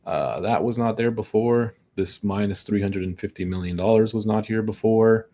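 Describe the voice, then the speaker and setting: Young man, low-ish voice, exasperated, swearing, muttering about trading losses. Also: normal speed, dark tone. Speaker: day trader streaming live. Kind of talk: frustrated live commentary.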